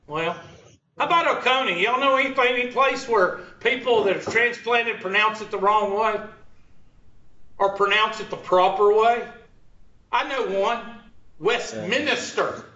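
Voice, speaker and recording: A man's voice: high-pitched, normal speed, sharp tone. A man from upstate South Carolina with a Southern accent, teaching fractions in a folksy, teasing way and tossing joking asides at his audience. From Upstate South Carolina, USA. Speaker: math teacher. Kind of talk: informal math lesson with banter. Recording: echoey room, from a distance, dull lo-fi, faint noise.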